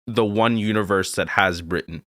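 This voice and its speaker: A man's voice: lowish voice, normal speed, fairly bright tone, no room sound, studio quality. A man hosting a comedy podcast, playing along with absurd claims in an ironic, mock-serious way. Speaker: podcast host.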